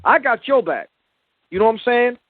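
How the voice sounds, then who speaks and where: A man's voice: very high-pitched, sing-song, moderate pace. A man calling in to a talk show, talking brash, slangy and boastful. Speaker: caller. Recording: tinny phone line.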